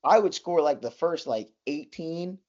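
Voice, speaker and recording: In a casual interview with dull, lo-fi audio, a young college wrestler in his twenties chats as a guest, rambling and full of "likes" and restarts. His voice is on the high side, expressive and a little mellow, at a measured pace.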